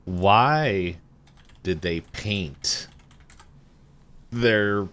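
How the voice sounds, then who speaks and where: Deep-voiced man reading through notes. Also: extremely slow, a bit bright, clear, resonant tone. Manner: hesitant, lots of ums while reading notes. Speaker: podcast co-host. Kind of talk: casual chat reading from wiki notes.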